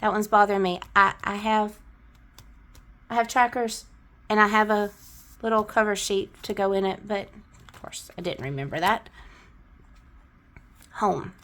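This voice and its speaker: A woman's voice: medium pitch, unhurried, long pauses, fairly bright tone. Southern woman, middle-aged, chatty budgeting vlogger, counts cash aloud, slight cough. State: coughing now and then. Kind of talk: casual talk to camera while counting cash.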